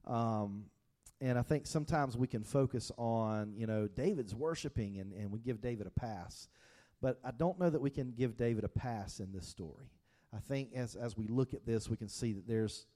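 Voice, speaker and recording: A man preaching a sermon in a relaxed, talk-to-you way, with plenty of restarts and asides to the congregation. His voice is mellow and dark, and his pitch sits in an ordinary middle range. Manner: conversational, with frequent fillers and restarts, addresses congregation directly. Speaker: pastor.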